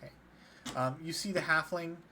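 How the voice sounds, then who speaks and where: A man's voice: a little high, normal speed, bright, forceful tone, a little hiss or hum. A man narrating as game master of a tabletop game, in a casual way full of fillers. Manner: casual, many fillers like "kinda".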